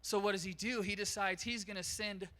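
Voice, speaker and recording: A man pastor preaching a sermon in a church, telling a story in an animated way. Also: high voice, fairly quick. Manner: animated storytelling, acts out quotes.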